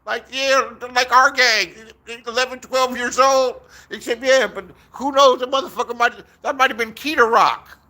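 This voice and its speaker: Man, 60s, from Inglewood, bright piercing voice, casual profane storytelling, acts out the voices he quotes. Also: extremely high pitch, moderate pace, few pauses. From Inglewood, Los Angeles, USA. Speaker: YouTuber. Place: outdoors.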